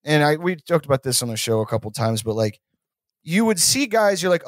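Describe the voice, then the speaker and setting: A man's voice: a little high, very animated, brisk, dry recording, studio quality. A man from Texas, a podcast guest, rambling through comedic chat and mocking people he talks about. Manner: rambling, mocking impressions of politicians.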